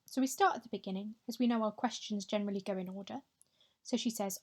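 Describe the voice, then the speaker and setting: A young woman teaching a recorded Spanish lesson over slides, speaking clearly and patiently and modelling pronunciation slowly for her pupils to repeat. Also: mid-range voice, fairly even intonation, a little mellow. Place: home or classroom, voice-over on slides.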